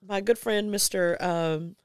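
A woman's voice: medium pitch, fairly even intonation, a little slow, darkish tone, smooth, no room sound, clean studio sound. A woman co-hosting a casual basketball podcast, chatty and laughing often, with many fillers. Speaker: podcast co-host. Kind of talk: casual chat.

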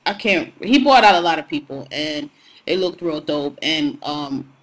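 A woman's voice: deep voice, lively intonation, measured pace, low-quality recording. Outspoken young woman ranting casually. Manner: outspoken, ranting, slangy and profane. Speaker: podcast co-host. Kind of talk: casual podcast chat.

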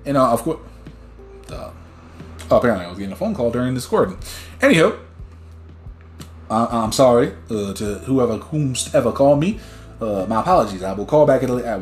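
Male podcast host from New Jersey, lively and loud, swears freely, echoey room with faint music behind. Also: on the high side. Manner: animated, swears freely, gets loud when worked up; reads news articles aloud with stumbles. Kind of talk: casual news commentary podcast.

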